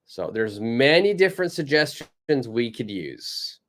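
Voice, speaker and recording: A North American man teaching English online at an unhurried pace. His voice rises and falls a lot as he models phrases. He sounds patient and encouraging, repeating each line for practice. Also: mid-range voice, sing-song, a bit bright. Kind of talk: live online English lesson.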